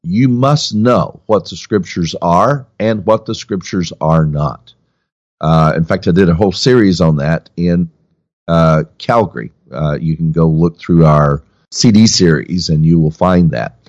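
A man with a very low voice co-hosts a podcast, easygoing and often hesitating with fillers. The sound is dull and dry, with little room around it. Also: a little slow, darkish tone, no room sound. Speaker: podcast co-host and teacher. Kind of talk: casual podcast chat.

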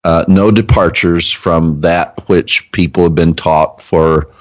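A man hosting a religious podcast, talking in a halting, casual way with many ums and uhs as he explains things. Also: deep voice, fairly even intonation. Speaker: podcast host and teacher. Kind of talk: casual chat.

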